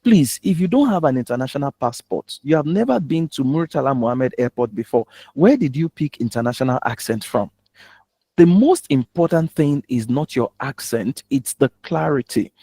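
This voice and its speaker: A man's voice: medium pitch, expressive, normal speed, dark tone, husky, no room sound. A man with a Nigerian accent coaching on public speaking, in a teasing, humorous and direct way. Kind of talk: spoken teaching talk.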